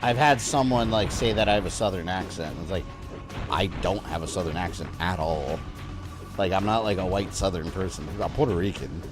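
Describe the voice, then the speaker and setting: Streaming a game over music, this man from Florida rambles casually in a voice that sits low, talking a little fast. An occasional swear word slips into his chat.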